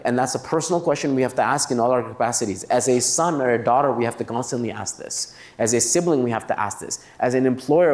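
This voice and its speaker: A man's voice: medium pitch, darkish tone. A man giving a religious lecture at a student convention, reciting Arabic verses and translating them, and asking the audience rhetorical questions in a conversational way. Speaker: Islamic lecturer.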